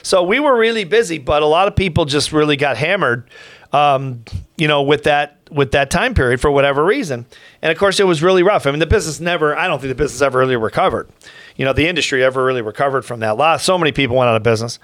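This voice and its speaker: A man's voice: fairly high pitch, fast, dry recording. A middle-aged man, a professional speaker hosting a podcast, telling a long story in a casual, rambling way with restarts and asides. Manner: rambling, many restarts and asides, animated quotes.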